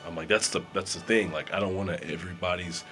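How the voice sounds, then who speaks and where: A low-pitched man talks straight to camera in a loose, rambling vlog manner, padding his sentences with fillers. He is in a small room with dampened sound. Soft music sits faintly behind him. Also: steady tone, quick pace. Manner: rambling, filler-heavy, conversational. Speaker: vlogger and musician. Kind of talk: casual talk to camera.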